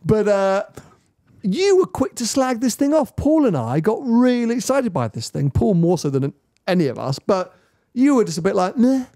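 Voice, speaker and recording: A man co-hosting a casual car podcast, enthusiastic and quick to laugh. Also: sits high, big pitch swings, warm tone, no echo, studio quality. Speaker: podcast co-host. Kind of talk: casual chat.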